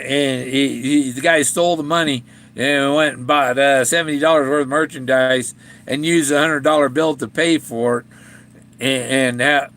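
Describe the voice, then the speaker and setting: A man's voice: medium pitch, fairly bright tone. An older man in a rambling, casual monologue, laughing often and restarting his sentences as he vlogs about a treasure hunt. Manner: rambling, with frequent chuckles and restarts. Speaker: treasure hunt author and vlogger.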